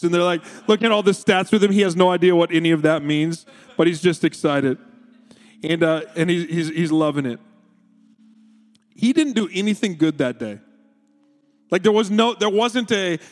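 A man in his thirties preaching a sermon, telling a family story with animated delivery and voicing his children. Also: moderate pace. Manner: storytelling, animated, quoting his kids with raised pitch. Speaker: pastor. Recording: long hall reverb.

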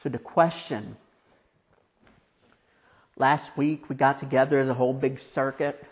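A man preaching a conversational, storytelling sermon, asking his listeners questions and dropping quiet for emphasis. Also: medium pitch, steady tone, unhurried.

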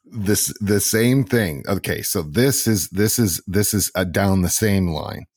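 A man's voice: deep voice, measured pace, darkish tone, breathy edge, dry recording, clean studio sound. A man in his forties, hosting a podcast, talking casually and unhurriedly, repeating words as he builds a story. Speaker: podcast host and lodge owner. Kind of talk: casual conversation.

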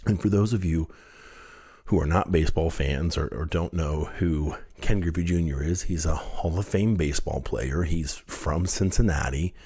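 A man with a low, husky voice tells a story from his past on his podcast. He speaks in an animated way, chuckling at his own mishaps as he goes. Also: moderate pace. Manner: animated storyteller, laughs at himself. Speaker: podcast host. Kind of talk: storytelling monologue.

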